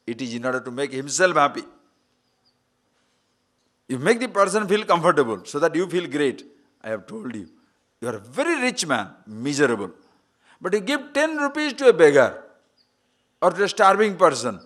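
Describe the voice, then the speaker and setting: A man's voice: a little high, a bit bright. A man giving a spiritual discourse as a swami, asking rhetorical questions and acting out quoted voices. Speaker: swami teaching scripture.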